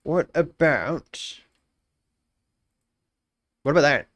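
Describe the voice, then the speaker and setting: An Australian man chats on a live stream, welcoming viewers by name while musing over his work. He talks at a slow, relaxed pace and repeats himself as he thinks. The sound is dry and close, with no room echo. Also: on the high side. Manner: greets chatters while thinking aloud, repeats phrases. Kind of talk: casual live-stream chat.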